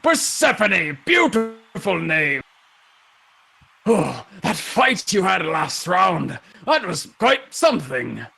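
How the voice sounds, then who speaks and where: A booming, jovial old champion of the arena, put on by a man running the game. He speaks in a slow, grandiose way, with a gravelly grain and a slightly raised pitch. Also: big pitch swings, pushed and bright, heavily acted. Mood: praising. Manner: hearty, grandiose, slow and drawn out.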